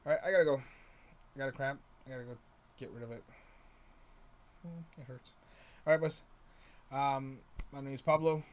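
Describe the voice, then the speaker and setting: A man's voice: medium pitch, steady tone, moderate pace, pauses often. A man co-hosting a podcast, easygoing and joking in rambling casual banter. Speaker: podcast co-host.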